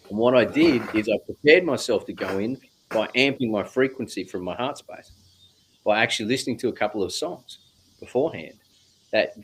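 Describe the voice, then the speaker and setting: A man talks at an unhurried, drawn-out pace in a low register. He is a guest reflecting on spiritual ideas, musing aloud and dropping the occasional swear word. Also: slight background noise. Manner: slow, musing, drawn-out phrasing with casual swearing.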